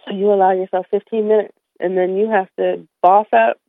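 Female radio guest, mid-pitched, emotional and candid, dry tinny phone audio. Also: little pitch movement, brisk, dry recording. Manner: emotional, candid, warm with light laughter. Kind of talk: radio interview.

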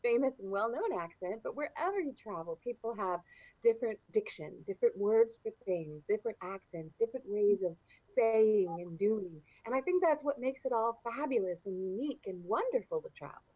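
A woman's voice: medium pitch, animated, normal speed, no echo, highs cut off. Effusive woman with a Southern accent. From southeastern United States. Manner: effusive, uses lush descriptive words. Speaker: guest. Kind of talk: casual interview chat.

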